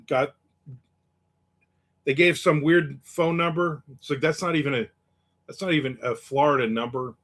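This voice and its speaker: A man's voice: medium pitch, lively intonation, normal speed, pauses often, fairly bright tone. A man hosting a casual live chat, telling stories in a wry, cynical way and reading out viewer comments. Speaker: host.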